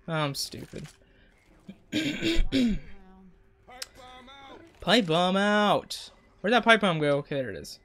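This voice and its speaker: A young man giving jokey, excitable commentary on a game while he plays, his voice cracking now and then. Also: high voice, measured pace, long pauses. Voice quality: voice keeps cracking. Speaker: gaming YouTuber. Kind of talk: let's play commentary.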